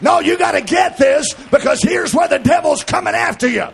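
A man preaching a fervent sermon in church, calling out to the congregation and shouting with rising intensity. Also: very high voice, a little fast, creaky, soft background music, a faint crowd.

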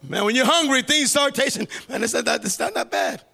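A man preaching a sermon as pastor, fervent and building into shouted cries. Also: extremely high pitch, lively intonation, brisk, vocal fry.

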